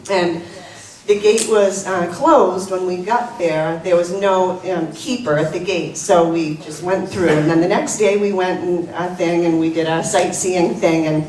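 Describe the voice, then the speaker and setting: Woman, slightly low, halting eulogy with fillers, heard from a distance in a roomy space. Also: a little mellow. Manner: halting, many fillers, laughs through stories. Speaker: memorial speaker. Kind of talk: informal eulogy with anecdotes. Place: coffee house gathering. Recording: roomy, distant, live audience.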